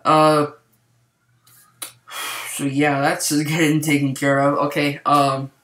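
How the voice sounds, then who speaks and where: A young man rambling excitedly through a casual movie review, full of fillers and restarts. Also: a little high, slow. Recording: echoey room.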